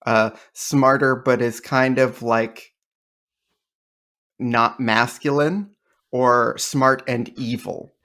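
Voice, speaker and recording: A man chatting as a podcast guest, a comedian who tells long, rambling anecdotes with dry wit. His voice sits at an ordinary middle pitch for a man. The talk is loose and conversational, full of small restarts. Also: steady tone, slow, fairly bright tone. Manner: rambling storyteller, dry and joking. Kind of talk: casual interview chat.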